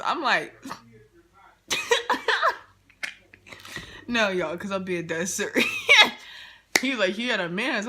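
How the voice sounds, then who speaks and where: A young woman telling a casual storytime to her viewers, animated and slangy, laughing often as she goes. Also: medium pitch. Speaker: vlogger.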